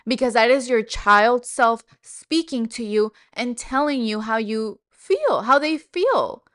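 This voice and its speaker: A woman's voice: on the high side, a bit bright, dry recording, studio quality. A woman hosting a self-help podcast, speaking candidly and emotionally about her own experience, with casual swearing. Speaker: podcast host. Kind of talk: personal self-help monologue.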